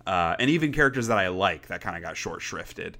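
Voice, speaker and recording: Young guy on a podcast, super lively pitch, bright punchy voice, rambly and swears a lot. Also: a little fast. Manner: animated, rambling, swears casually. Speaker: podcast co-host. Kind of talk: casual chat.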